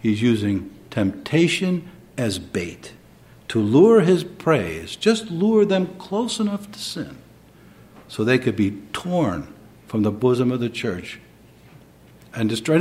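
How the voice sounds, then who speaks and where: A man preaching a sermon, moving between quiet reflection and emphatic, rising delivery. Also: mid-range voice, very animated, takes it slowly. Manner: dynamic, swings between soft and emphatic.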